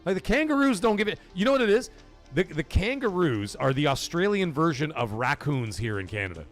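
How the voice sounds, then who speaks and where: A man's voice: fairly high pitch, big pitch swings, fairly quick, soft background music. A man hosting a casual gaming livestream, joking, swearing and bantering with his chat. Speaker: livestream host.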